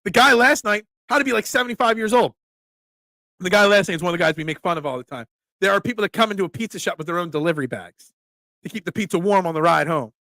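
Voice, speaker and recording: High, gravelly talk-show host. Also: male voice, fast talker, dry recording. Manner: animated, emphatic storytelling. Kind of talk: casual talk-show rant.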